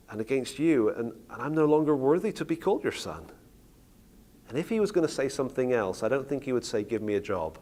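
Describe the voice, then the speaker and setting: A middle-aged man preaching on a Bible story, retelling it with lively acted-out quotes. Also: mid-range voice. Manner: animated storytelling, acting out quoted lines. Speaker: preacher teaching on Bible stories. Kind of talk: sermon-style teaching talk.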